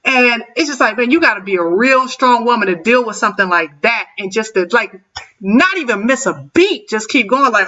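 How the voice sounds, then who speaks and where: A woman on a panel chatting casually, lively and laughing often, with preacher-like emphasis. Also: on the high side, brisk. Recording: distant dull-sounding mic.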